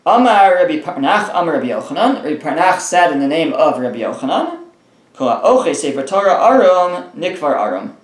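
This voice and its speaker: A man's voice: fairly high pitch, sing-song, brisk, echoey room. A man teaching a daily Talmud page. He reads each phrase aloud, then translates and explains it, often restarting his sentences.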